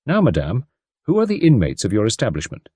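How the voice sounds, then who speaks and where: A man voicing a fastidious middle-aged detective who speaks formally, methodically and courteously. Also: mid-range voice, wildly swooping pitch, mellow, breathy edge, no room sound. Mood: measured.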